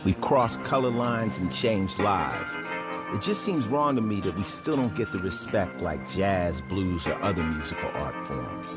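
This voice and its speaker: A man's voice: sits low, expressive, measured pace, loud music behind the voice. An older man hosting a documentary, asking interview questions and answering with brief affirming murmurs.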